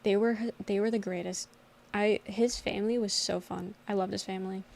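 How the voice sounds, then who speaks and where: A young woman streamer telling a story in a casual livestream chat, animated and laughing often. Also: mid-range voice, moderate pace, vocal fry.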